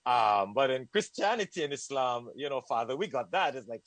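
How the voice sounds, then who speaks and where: Lively Trinidadian man with mixed accent. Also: mid-range voice, a little fast, hardly any pauses, no echo, low-quality recording. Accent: Trinidadian mixed with British and American. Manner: animated, laughs often, repeats phrases. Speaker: guest, Muslim scholar. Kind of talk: conversational storytelling.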